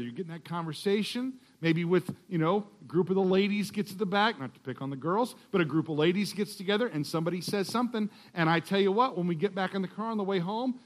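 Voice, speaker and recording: A man with a high voice preaches a sermon in a church. He speaks conversationally, mixing scripture reading with joking asides. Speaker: guest preacher.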